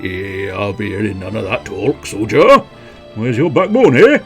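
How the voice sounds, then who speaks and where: A man voicing a gruff undead army sergeant with a Welsh accent, barking in a hearty drill-sergeant tone. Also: fairly low pitch, lively intonation, unhurried, soft background music.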